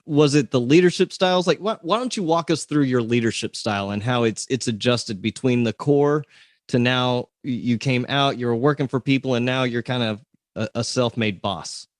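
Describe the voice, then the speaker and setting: A man's voice: medium pitch, moderate pace, dry recording. Easygoing male podcast host, dry sound. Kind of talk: interview questions.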